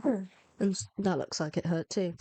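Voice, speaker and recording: A woman's voice: on the low side, fairly even intonation, normal speed, a little mellow, breathy edge, no room sound. A woman, feeling unwell with a cold, giving casual, rambling, self-mocking commentary over gameplay. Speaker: gaming video narrator.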